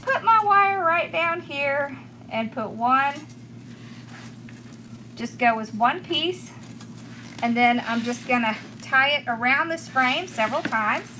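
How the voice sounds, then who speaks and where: A middle-aged craft tutorial host from rural Georgia, with a Southern accent, chats with viewers while demonstrating a craft, laughing often and thanking people by name. Her high-sitting voice is animated, pushed and bright, and she speaks slowly with long pauses. There's slight background noise.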